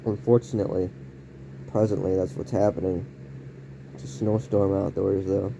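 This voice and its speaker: A man rambling through a casual home vlog indoors, using odd word choices and breaking into sudden yelled outbursts. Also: low-pitched, flat delivery, normal speed, vocal fry, noisy background. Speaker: vlogger.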